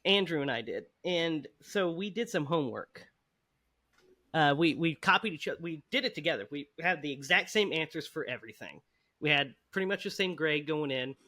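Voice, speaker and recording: Bright, lively man telling a story. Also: a little high. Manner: animated, laughing storyteller. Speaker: podcast host. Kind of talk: casual chat, storytelling.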